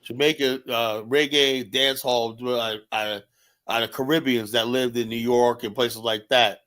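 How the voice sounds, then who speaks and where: A man's voice: mid-range voice, fairly even intonation, measured pace, fairly bright tone. An American man hosting a casual talk show, speaking emphatically and often tagging lines with "you know?". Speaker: show host.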